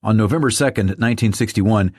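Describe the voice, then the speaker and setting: Low-voiced man reading a government report. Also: a little mellow, dry recording, clean studio sound. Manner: measured, reads quotes and footnotes aloud. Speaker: audiobook narrator.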